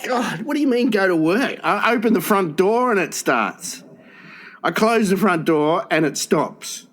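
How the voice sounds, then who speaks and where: A man's voice: sits high, lively intonation, measured pace, fairly bright tone. A man, cohosting a comedy podcast, chiming in with short reactions and dry, rambling riffs. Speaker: podcast co-host. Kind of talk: casual comedic banter.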